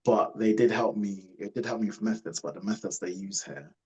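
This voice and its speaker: A young man from Jamaica telling his life story in a casual interview, relaxed and rambling with many fillers. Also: fairly low pitch, a little fast, dull audio. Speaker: guest.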